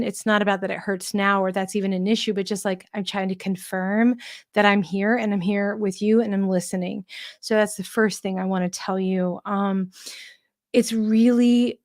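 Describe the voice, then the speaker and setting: A woman giving a live pet mediumship reading, gentle and reassuring, with many fillers and restarts. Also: medium pitch, no echo, studio quality. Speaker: tarot reader and pet medium.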